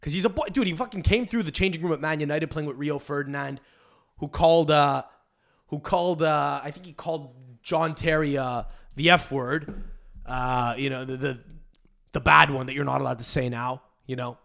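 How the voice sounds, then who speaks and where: Male podcast host, fairly high voice, crude rambling rant. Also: moderate pace, gravelly, fairly bright tone. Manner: crude, rambling, restarts a lot. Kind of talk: casual rant.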